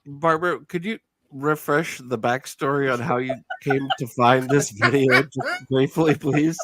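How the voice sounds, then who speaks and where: A man's voice: medium pitch, a little slow, heavy background noise. A man hosting a casual chat, asking playful questions. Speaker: host.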